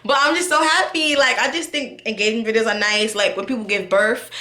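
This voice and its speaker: Chatty New woman vlogger, bright tone, roomy echo; candid, talks straight to viewers. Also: on the high side, expressive, fairly quick. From New York. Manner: chatty, candid, lots of fillers, addresses viewers directly. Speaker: YouTube vlogger. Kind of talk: casual chat to camera. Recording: echoey room.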